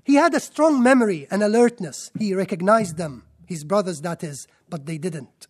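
A man's voice: high voice, lively intonation, moderate pace. A male preacher delivering an emphatic sermon, building points through lists and repetition.

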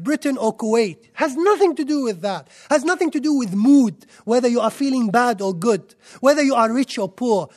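Very high-voiced male preacher. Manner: emphatic, rhetorical, with lists and repetition. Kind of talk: sermon.

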